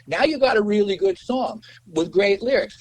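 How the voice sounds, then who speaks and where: A man's voice: sits high, expressive, moderate pace, voice pushed up. A man putting on a brash gushing record-biz songwriter. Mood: gushing, pushy. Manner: gushing, pushy, calls everyone man. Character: brash fast-talking male music-industry songwriter.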